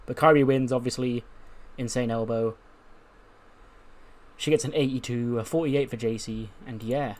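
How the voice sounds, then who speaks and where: A man's voice: medium pitch, fairly even intonation, normal speed, darkish tone. A young man casually narrating a game playthrough in a rambling, offhand way, swearing now and then. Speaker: let's-play narrator.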